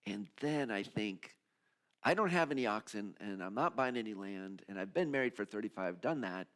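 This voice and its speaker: Animated man preaching a sermon. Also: mid-range voice, normal speed. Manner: animated and expressive, swinging from hushed to emphatic; conversational, with restarts and repeated phrases. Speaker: minister.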